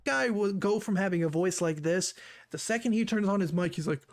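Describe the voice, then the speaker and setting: A man's voice: high-pitched, brisk, no echo. A man doing mocking, sarcastic commentary on an online drama. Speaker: commentator in reacted video. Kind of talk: casual commentary video.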